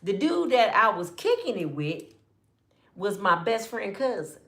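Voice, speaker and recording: Woman telling a story in lively casual talk. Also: medium pitch, a little slow. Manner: animated, acts out quotes with hushed and raised voices; colloquial, addresses listeners as y'all. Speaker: storyteller speaking to her audience.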